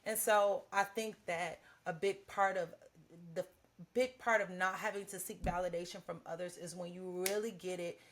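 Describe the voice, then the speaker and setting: Speaking at a moderate pace in a lowish voice, this podcast co-host talks casually about faith, with a little hiss or hum on the recording. Her storytelling is animated, and she acts out the prayers she's said to God.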